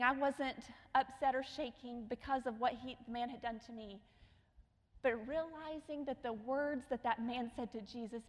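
A middle-aged woman preaching a sermon, telling stories with acted quotes and sometimes dropping to a hushed tone. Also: on the high side. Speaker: missionary speaker. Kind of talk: sermon storytelling. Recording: long hall reverb.

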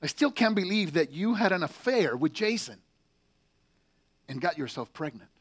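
A man's voice: on the high side, sing-song, normal speed. A man reading as a Marine writing home. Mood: bitter, furious. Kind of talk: letter read aloud in character.

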